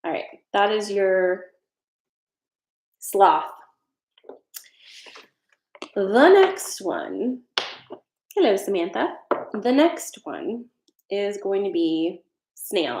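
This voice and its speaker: A woman's voice: medium pitch, big pitch swings, extremely slow, pauses often, a little mellow, roomy sound. A woman doing a casual tarot reading on a live stream, earnest and reassuring, with some frank swearing. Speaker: tarot reader.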